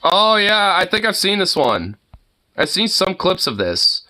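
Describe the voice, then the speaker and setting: A man's voice: high voice, sing-song, measured pace, sharp tone. A man streaming, reacting to clips with profane, mocking commentary and frequent laughter. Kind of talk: casual commentary.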